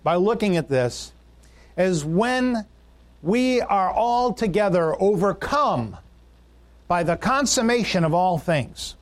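A man with a notably high speaking voice delivers a sermon in church. He talks earnestly and builds his points through long lists and repeated phrases. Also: lively intonation, takes it slowly. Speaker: pastor.

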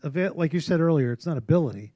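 Calm male host, dry close sound. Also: fairly high pitch, fast, dry recording, highs cut off. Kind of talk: reflective interview talk.

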